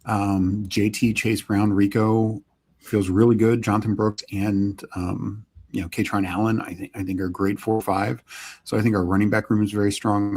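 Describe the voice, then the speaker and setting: A man co-hosting a live stream, talking through picks in a measured, analytical way. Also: fairly low pitch, darkish tone, husky. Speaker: podcast co-host. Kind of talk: casual live stream chat.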